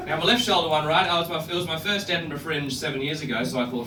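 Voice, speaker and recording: A man's voice: a little high, fast talker, sharp tone, slight background noise. A young Australian man performing a live stand-up comedy set, crude and punchy, often laughing into his lines. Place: comedy club stage. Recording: roomy club, distant mic, crowd ambience.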